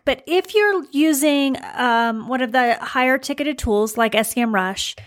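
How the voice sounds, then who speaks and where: Woman chatting to bloggers, kinda high voice, lots of ums and so so so. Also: fairly bright tone. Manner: chatty, with fillers and emphatic repeats. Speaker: blogging coach. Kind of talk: casual video talk to followers.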